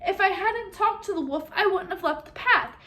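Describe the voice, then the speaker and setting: Storybook little girl in a red hood, played by a woman: high, eager, polite. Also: sing-song, normal speed, a bit bright. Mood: frightened.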